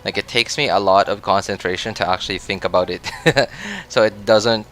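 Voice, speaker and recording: A man's voice: fairly low pitch, steady tone, fairly quick, fairly bright tone, a little hiss or hum. A man chatting casually on a game livestream, rambling with many restarts and frequent laughs. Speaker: game streamer.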